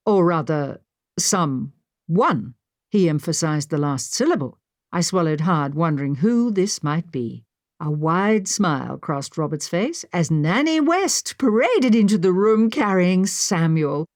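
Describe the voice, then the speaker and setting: Woman audiobook narrator, first-person period mystery, lively and expressive, low-set voice. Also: no echo, studio quality. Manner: expressive storytelling. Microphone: studio microphone.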